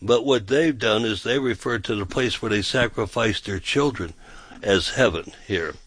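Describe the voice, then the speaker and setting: A man's voice: fairly low pitch, moderate pace, a bit bright, husky, no echo. A man, a pastor, teaching from the Bible in a rambling, repetitive way, often checking in with "okay?".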